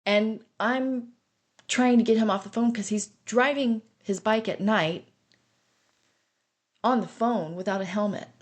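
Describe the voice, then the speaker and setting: A woman's voice: medium pitch, a little slow, pauses often. A middle-aged woman telling her own story on a podcast, earnest and intense as she relives it. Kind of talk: personal recovery story podcast.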